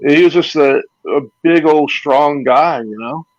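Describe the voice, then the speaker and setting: A man's voice: fairly high pitch, a little slow, dry recording, lo-fi sound. A man, a former pro wrestler, telling rambling anecdotes and acting out what others said. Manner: rambling anecdotes with acted-out quotes and laughs. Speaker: retired pro wrestler, guest. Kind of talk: casual storytelling interview.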